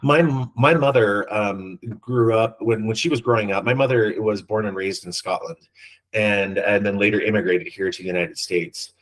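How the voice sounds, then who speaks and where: Male podcast co-host, low-pitched, casual and rambling, hesitant with fillers. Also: normal speed, poor audio. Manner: rambling with many ums and restarts. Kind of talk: casual chat.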